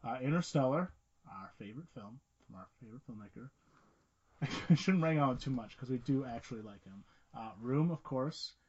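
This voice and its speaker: A man co-hosting a casual film podcast, cracking quick jokes between points. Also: medium pitch, animated, a little mellow. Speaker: podcast co-host. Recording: muffled lo-fi audio.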